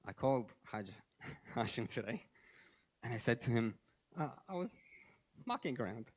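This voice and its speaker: A man giving a sermon, telling stories and moving between quiet low asides and raised emphatic lines, with Arabic religious phrases mixed in. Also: sing-song, moderate pace, husky. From Australia. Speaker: speaker at a religious gathering.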